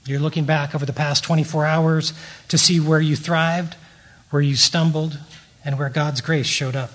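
A man's voice: a little high, steady tone, moderate pace, a bit bright. Earnest middle-aged man teaching recovery. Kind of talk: prepared teaching talk at a recovery meeting.

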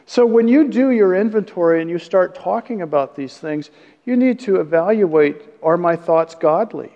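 A man's voice: sits high, animated, normal speed, warm tone. A man preaching a conversational sermon, joking about himself and chuckling now and then. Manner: conversational, self-deprecating, chuckles at own jokes. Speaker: pastor. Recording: dull sound with long hall reverb.

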